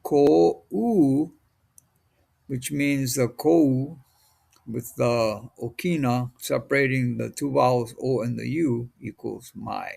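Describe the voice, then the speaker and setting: Man from Hawaii, language teacher, very slow, gravelly, patient and deliberate. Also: medium pitch, darkish tone. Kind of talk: recorded language lesson.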